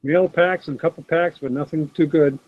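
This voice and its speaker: A man's voice: fairly high pitch, steady tone, a little fast. A middle-aged man, casually chatting on a live stream from his home desk and answering viewers by name, recorded on a laptop mic. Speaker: host of a live sports card stream. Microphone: laptop built-in camera mic. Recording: dull, dry laptop audio.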